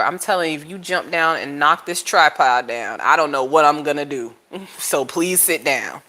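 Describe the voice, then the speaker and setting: Animated woman telling a story. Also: moderate pace. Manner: animated storytelling, jumps to high-pitched voices for quoted lines, laughs often. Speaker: tarot channel host. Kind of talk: casual chat to camera.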